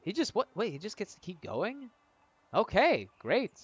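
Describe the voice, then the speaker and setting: A man's voice: high voice, huge pitch swings, normal speed, slightly rough, dry recording, muffled recording. A man narrating a tabletop-style video game on a live stream, chatty and self-mocking.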